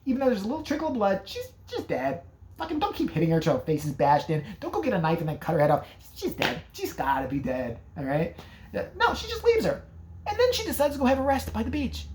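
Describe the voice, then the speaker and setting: A woman's voice: fairly high pitch, huge pitch swings, quick pace, a little mellow, a little hiss or hum. Profane sarcastic woman recapping a movie. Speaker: movie reviewer.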